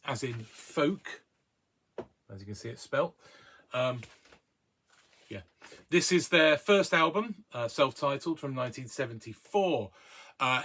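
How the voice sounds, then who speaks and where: A man's voice: mid-range voice, a bit bright. A man hosting a casual record review, chatty and hesitant with many ums and uhs. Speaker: record collector host.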